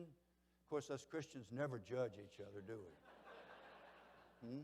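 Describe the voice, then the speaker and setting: An older man giving a motivational banquet speech, telling folksy stories and swinging between loud and hushed delivery. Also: mid-range voice, measured pace, pauses often, big-room sound, a little hiss or hum. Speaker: keynote speaker.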